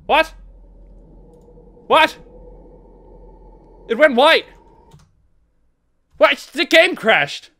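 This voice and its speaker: A man's voice: very high voice, expressive, extremely slow, vocal fry, pauses often, bright, forceful tone. A man commenting on horror games at home into a desk microphone, shrieking, swearing and joking at the scares. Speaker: gaming video creator. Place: home recording setup with a green screen. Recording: noisy home game recording.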